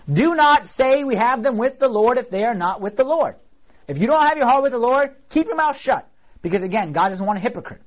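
A man with a high voice gives a relaxed church lesson to a class, checking in with quick questions as he goes. The recording sounds dull and lo-fi. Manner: conversational, asks the class questions. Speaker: church teacher. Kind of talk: casual teaching talk on liturgy.

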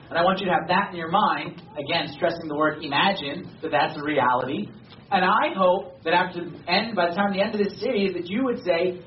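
Man, high voice, preaching, conversational with emphatic stresses, distant reverberant sound. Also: slight background noise. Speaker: pastor. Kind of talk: sermon. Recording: echoey hall from far off, dull.

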